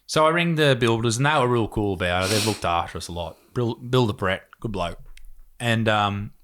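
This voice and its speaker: A man's voice: lowish voice, moderate pace, a bit bright. A young Australian man hosting a podcast, telling a story in a laid-back way, swearing a lot and laughing as he goes. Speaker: podcast host. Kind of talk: casual chat.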